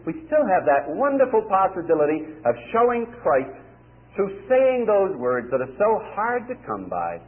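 Animated male preacher on tinny tape. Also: a little high. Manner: animated storytelling, acts out quoted voices. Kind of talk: sermon with anecdote.

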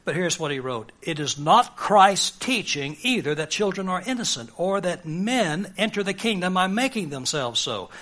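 A man's voice: high-pitched, very animated, moderate pace, few pauses, a bit bright. A man preaching a sermon on humility, earnest and rising to emphatic peaks. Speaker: pastor.

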